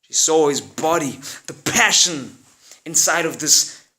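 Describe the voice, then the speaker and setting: A man telling a casual yet dramatic story in a slangy, expressive way. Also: on the high side, slow.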